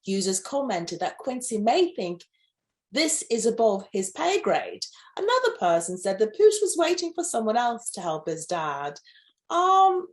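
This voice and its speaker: A woman's voice: sing-song, measured pace. A woman hosting a playful pet news show, reading stories and breaking into campy, gushing asides. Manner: campy, gushing asides with sudden high squeals. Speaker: news host.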